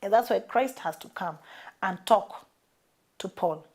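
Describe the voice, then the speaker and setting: A woman's voice: medium pitch, a little slow, a little mellow. A woman with a Kenyan accent preaching a sermon, emphatic and repeating her key phrases for weight.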